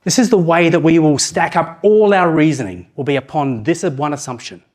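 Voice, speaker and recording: A middle-aged man giving a conference talk, asking the audience questions and slowing down to read proverbs aloud. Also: on the high side, darkish tone. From New Zealand. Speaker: conference speaker.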